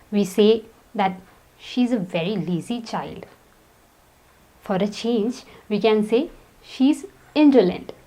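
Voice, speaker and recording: Slow, deliberate woman teaching vocabulary. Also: medium pitch, mellow, poor audio. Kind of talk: vocabulary lesson.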